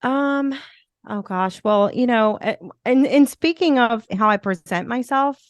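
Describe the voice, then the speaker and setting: Smooth-voiced woman with a Philly accent. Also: fairly high pitch, a little slow, no echo. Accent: Philadelphia. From Philadelphia, USA. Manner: upbeat, rambling with many "you know" fillers. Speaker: podcast guest, motivational speaker. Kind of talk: casual interview chat.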